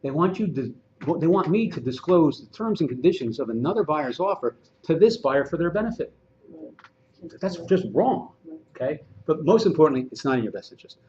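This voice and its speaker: A man, a real estate agent, giving a conversational training presentation to a room of agents, animated and fond of acting out dialogue. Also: a little high, brisk, dull audio, slight background noise.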